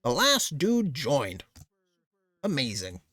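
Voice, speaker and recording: A man's voice: mid-range voice, wildly swooping pitch, slow, background noise. A man streaming a video game, giving casual joking commentary as he plays. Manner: playful, joking.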